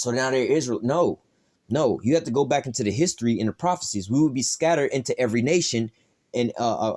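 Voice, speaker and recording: A man reads scripture aloud and explains it in his own loose street talk. He swears freely and leans on "all right" and "you know" to carry his points along. His pitch sits right in the middle for a man. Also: a little mellow. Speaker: Bible teacher. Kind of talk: informal scripture teaching.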